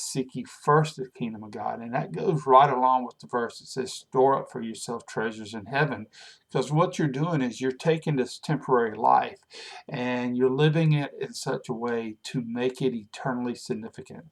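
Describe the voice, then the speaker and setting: A man's voice: mid-range voice, normal speed, creaky. A man giving a short devotional sermon in an earnest, conversational preaching manner. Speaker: pastor.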